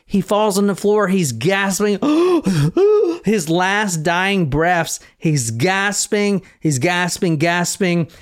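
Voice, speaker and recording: A male podcast host narrates a story in a casual, profane, animated way, laughing often. His voice is a touch higher than most men's. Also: slow, few pauses.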